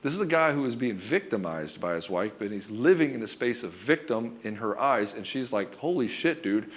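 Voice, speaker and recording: A man coaching husbands in a blunt, profane way, often acting out quick back-and-forth exchanges between a husband and his wife. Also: fairly low pitch, animated. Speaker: relationship coach. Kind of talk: direct-to-camera coaching talk.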